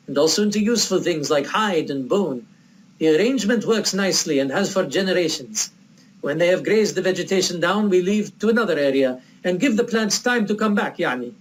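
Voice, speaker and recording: A man's voice: sits high, slight background noise, low-quality recording. A man voicing a proud elder Bedouin man with a put-on Arabic accent, earnestly reasoning with a guest. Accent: put-on Arabic accent, old film style.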